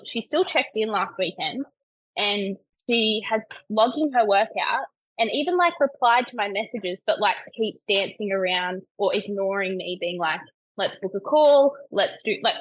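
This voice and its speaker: A woman's voice: mid-range voice, dry recording, lo-fi sound. A woman personal trainer guesting on a casual podcast, chatty, leaning on "like" and laughing easily.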